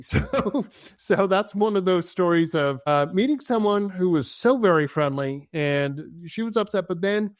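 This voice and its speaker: A man's voice: fairly high pitch, no room sound, clean studio sound. A man as a podcast guest, telling travel stories with enthusiasm and acting out the dialogue. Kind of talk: casual storytelling in an interview.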